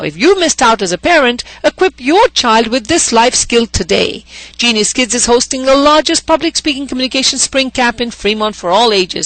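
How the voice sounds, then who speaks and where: A woman hosting an educational radio segment, reading a scripted talk in a measured, upbeat way. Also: fairly high pitch, fairly bright tone, no echo, low-quality recording. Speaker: radio show host.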